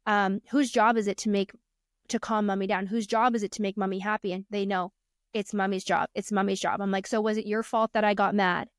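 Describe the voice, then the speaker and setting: Smooth-voiced mother telling parenting stories. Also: mid-range voice, fairly even intonation, brisk, dry recording, clean studio sound. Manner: earnest, storytelling, acts out her kids' lines. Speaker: podcast guest, coach. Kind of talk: casual interview talk.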